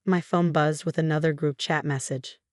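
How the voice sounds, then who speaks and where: A woman reading a first-person family drama story in a calm, even narration. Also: deep voice, moderate pace, no echo, clean studio sound.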